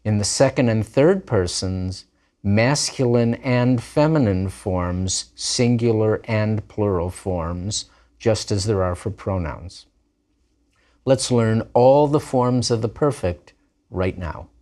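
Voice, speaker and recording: A man with a lowish voice teaches a grammar lesson at an unhurried, deliberate pace. He drills each form patiently and repeats examples so students can follow. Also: darkish tone. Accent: Israeli Hebrew pronunciation of Hebrew words. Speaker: language teacher.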